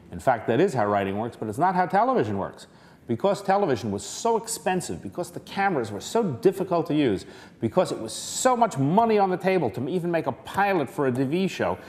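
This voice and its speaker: A man's voice: on the high side, a little mellow. A man presenting a lecture as an earnest, persuasive, conversational story.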